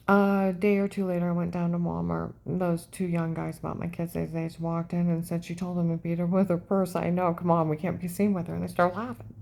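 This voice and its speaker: A woman's voice: on the low side, little pitch movement, moderate pace, creaky, a little mellow. A middle-aged woman giving an intense, rambling personal monologue as a vlogger, often checking in with "okay?".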